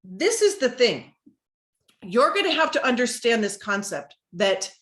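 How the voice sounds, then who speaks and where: A middle-aged woman hosting a live motivational talk, telling a personal story and acting out the quoted lines in a higher voice. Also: fairly bright tone.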